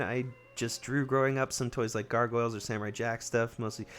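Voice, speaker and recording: A man's voice: medium pitch, fairly even intonation, brisk, a bit bright, faint music behind. A man in his thirties, chatting casually and teasingly while streaming a game, laughing often.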